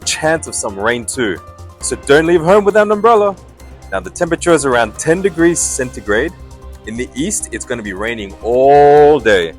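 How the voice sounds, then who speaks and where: A man's voice: medium pitch, animated, normal speed, faint music behind, voice pushed up, lightly acted. A man playing an upbeat male TV weatherman with a breezy, jokey forecaster delivery.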